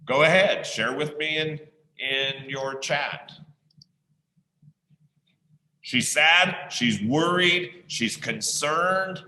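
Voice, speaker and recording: A male teacher reading a story aloud to an online class, pausing often to ask the listeners questions. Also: on the high side, bright, forceful tone. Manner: slow, pausing to quiz listeners. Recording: echoey room sound.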